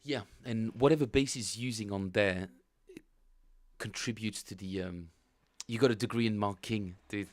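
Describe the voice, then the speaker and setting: A man chatting casually with viewers while streaming his bass practice, rambling and thinking aloud. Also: normal speed, no room sound. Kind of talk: casual livestream chat.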